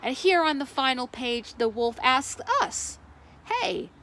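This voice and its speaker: A librarian at story time reads a picture book with animation, pausing to ask the children questions. Her voice is high, her pace measured, and there's a little hiss or hum on the recording.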